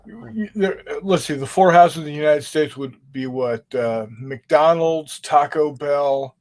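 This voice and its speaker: A man's voice: fairly high pitch, a little mellow. A man hosting a gaming podcast, reading viewer comments in a hesitant casual way. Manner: slow, hesitant, lots of fillers. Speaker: podcast host reading chat. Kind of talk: casual chat.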